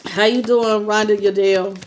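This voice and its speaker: Woman tarot reader on a livestream, emotional and colloquial, mid pitch. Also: fairly even intonation, a little slow, slight background noise. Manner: emotional, greets viewers by name, colloquial. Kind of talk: live tarot reading.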